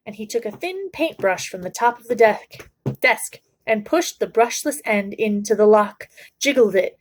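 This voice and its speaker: Reading a children's novel to a book club, this woman uses a mid-range voice and a calm, measured, steady narration.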